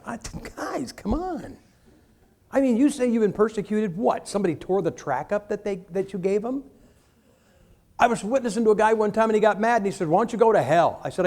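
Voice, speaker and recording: A male preacher with a voice pitched a bit high. He delivers his sermon in a humorous, animated way, acting out short asides and stories. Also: a little fast.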